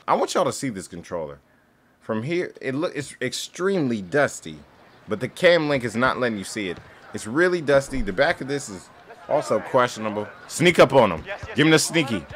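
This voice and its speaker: A young man gaming on camera and commentating his soccer match, joking, trash-talking the players and breaking into sudden yelling outbursts. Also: mid-range voice, slight background noise. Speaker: gaming YouTuber. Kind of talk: playing a soccer game and commentating.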